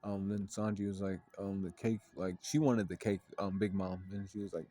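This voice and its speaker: A man's voice: deep voice, steady tone, normal speed, few pauses, mellow. A man casually retelling a story in a rambling way, full of fillers and swearing. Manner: rambling, filler-heavy and profane.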